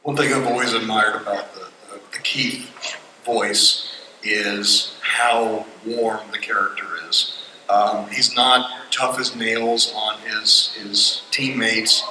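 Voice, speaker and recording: Bright-voiced man asking panel questions. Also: fairly low pitch, steady tone, slow pace, slight background noise. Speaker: podcast host interviewer. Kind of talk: convention panel interview. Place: convention panel room. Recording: roomy hall, voice from a distance.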